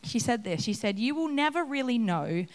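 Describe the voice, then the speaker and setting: A woman's voice: a little high, expressive, normal speed. A woman giving a conversational sermon, acting out the scenes she describes. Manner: conversational, acts out scenes with laughs. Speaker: preacher. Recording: long reverb of a hall.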